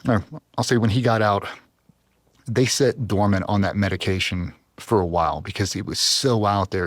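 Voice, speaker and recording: A man's voice: on the low side, moderate pace, dry recording, studio quality. A man, a former Navy SEAL, telling a personal story on a podcast in an intense, heartfelt, emotional way. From US East Coast.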